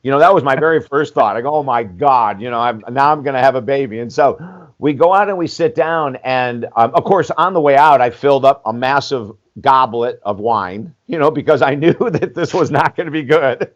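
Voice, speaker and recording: A man's voice: mid-range voice, normal speed, lo-fi sound. A man in his sixties, a life coach guesting on a podcast, telling his story candidly and animatedly, acting out dialogue with casual swearing. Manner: animated, acts out quoted dialogue, frequent "you know", casual swearing.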